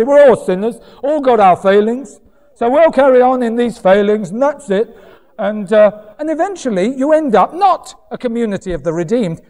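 A man from Britain preaching a sermon in an animated way, swooping up and down and acting out other people's voices. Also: high voice. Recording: reverberant hall.

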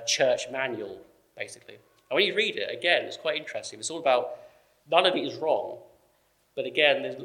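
Man, preacher, explanatory church talk, casual, mid-pitched voice. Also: a bit bright. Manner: conversational, explanatory, with fillers.

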